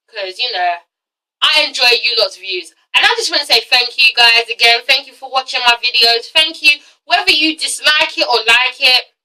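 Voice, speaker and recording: A woman's voice: fairly high pitch, sharp tone, distant mic, low-quality recording. A young woman reviewing a reality TV show in a casual vlog, ranting bluntly and swearing a lot.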